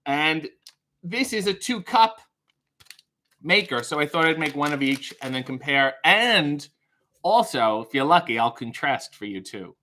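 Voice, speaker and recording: A man's voice: a little high, big pitch swings, a little slow, bright, forceful tone. A man hosting a casual livestream from a small hotel room, rambling and joking as he chats with viewers. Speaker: livestream host.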